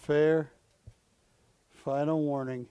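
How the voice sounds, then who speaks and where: Guy running a tv auction, slow drawn-out calls, kinda high voice, dry studio sound. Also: flat delivery, dark tone, clean tone, dry recording. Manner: jokey, pleading with viewers, rising calls of going once, going twice. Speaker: auction host on a shopping channel. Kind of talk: live on-air auction calling.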